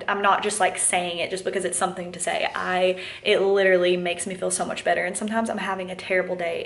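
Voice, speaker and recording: Talking straight to the camera from home, a young woman shares a casual, candid mom vlog, chatty, somewhat tired, and quick to laugh. The camera mic catches her mid-range voice in an echoey indoor room.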